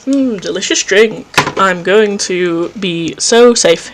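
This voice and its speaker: Male let's play host, reads horror game narration aloud, easily spooked, quick self-mocking asides. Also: high-pitched, a bit bright. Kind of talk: reading a visual novel aloud with commentary. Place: home recording setup.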